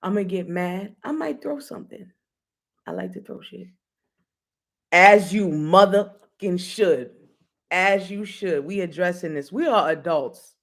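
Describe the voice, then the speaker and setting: A woman's voice: fairly low pitch, animated, moderate pace, vocal fry. Blunt, playful woman talk-show host. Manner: blunt, playful, laughs often, speaks to viewers. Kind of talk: casual live-stream talk show.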